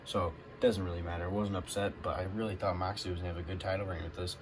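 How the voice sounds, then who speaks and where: Recapping a wrestling show for his vlog, a low-voiced man rambles very fast, packing in "like" and "um," and grows excited at the big moments. He has hiccups, and clear background noise runs beneath the entire recording.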